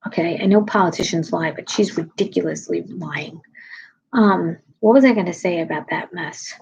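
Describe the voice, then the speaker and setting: A tired woman comedian with a low voice, ranting bluntly and sarcastically to her viewers in a casual chat. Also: normal speed, darkish tone, rough recording. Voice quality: low, husky. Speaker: comedian live-streaming.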